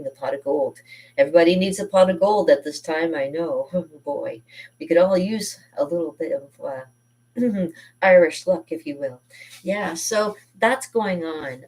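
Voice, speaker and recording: An art teacher shows off kids' painting projects, chatting casually and enthusiastically with plenty of fillers and self-corrections. Her voice is low and a little mellow, and she sits far from the mic.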